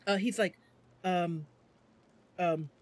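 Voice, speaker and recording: A woman hosting a livestream, talking in an excitable, giggly, expressive way as she plays a fantasy game at home. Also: lowish voice, slow. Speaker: streamer and host. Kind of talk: livestream gameplay commentary.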